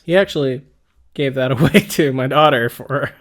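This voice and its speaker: A man hosting a podcast in relaxed back-and-forth conversation. He teases his co-host with dry, quick comebacks. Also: mid-range voice. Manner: wry, teasing, quick comebacks. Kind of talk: casual chat.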